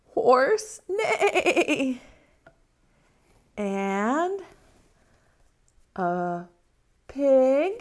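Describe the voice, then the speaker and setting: A woman teaching an online preschool class in a slow, sing-song, encouraging voice, leading a song and a memory game. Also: a little high. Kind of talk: children's circle-time lesson.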